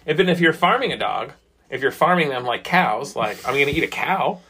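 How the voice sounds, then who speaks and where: A man's voice: a little high, brisk, slightly rough. A man co-hosting a podcast in casual chat, joking and profane, telling stories. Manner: animated, joking, profane storyteller.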